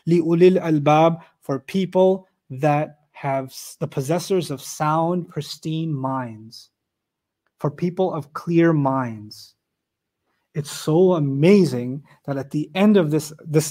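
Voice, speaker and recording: A man teaching a lesson on scripture, animated, asking the audience rhetorical questions and reciting Arabic verses quickly. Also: on the high side. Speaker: Quran teacher. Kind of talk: lecture on scripture.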